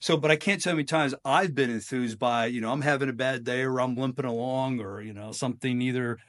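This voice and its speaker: A middle-aged man telling stories as a podcast guest in a casual, energetic way, often breaking into quoted voices. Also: fast. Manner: energetic, acts out quoted voices with big pitch jumps. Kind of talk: casual storytelling.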